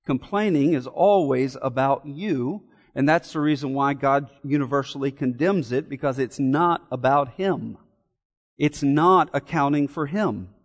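A man's voice: mid-range voice, measured pace, big-room sound. A man preaching an expository sermon in an earnest way, repeating key phrases and asking rhetorical questions. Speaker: pastor.

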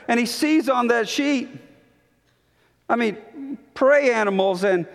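A man with a high voice preaches slowly, lingering on words with dramatic pauses and repeating lines for emphasis. His voice rings out with the long reverb of a large church hall. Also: a bit bright. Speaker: pastor. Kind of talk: sermon.

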